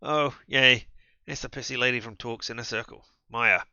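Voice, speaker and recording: A man's voice: medium pitch, fairly even intonation, normal speed, bright, forceful tone, clean tone, no echo, dull audio. A man reading a story game aloud and adding wry asides as he plays. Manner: wry asides between read lines. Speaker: streamer playing a visual novel.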